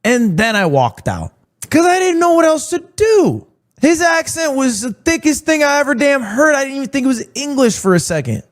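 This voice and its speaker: A man's voice: very high voice, normal speed. A young man streamer telling stories in casual chat, acting out quotes as he goes. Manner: animated storytelling with mock quotes.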